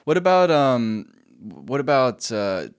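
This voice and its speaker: A man's voice: medium pitch, very animated, slow, clear, resonant tone. A man from the United States hosting a travel podcast, asking eager, curious questions in a casual interview.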